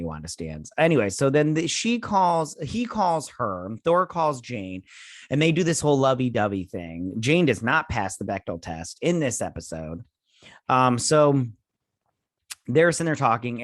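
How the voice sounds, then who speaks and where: A man recapping an episode in a loose, sarcastic ramble, dropping filler words as he goes. His voice sits at an ordinary middle pitch. The sound is dry and close, with no room echo. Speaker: host.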